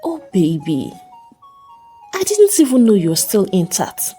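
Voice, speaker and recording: A woman's voice: mid-range voice, huge pitch swings, measured pace, dark tone, breathy edge, faint music behind, full character voice. A woman voicing a ruthless, wealthy middle-aged male chief who speaks in a cold, domineering way, in a storybook reading.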